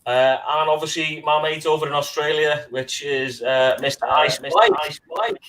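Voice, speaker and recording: A man's voice: on the high side, level tone, moderate pace, a bit bright. A man hosting a casual livestream, bantering in a friendly, matey way and swearing now and then. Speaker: livestream host.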